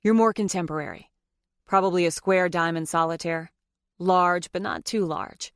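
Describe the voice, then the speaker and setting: A persistent, wry male lawyer, read by a woman in her own mid-range voice, calm and earnest with a teasing streak. The audiobook read is close and completely dry. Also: lowish voice, normal speed, smooth, no echo, close to an everyday voice.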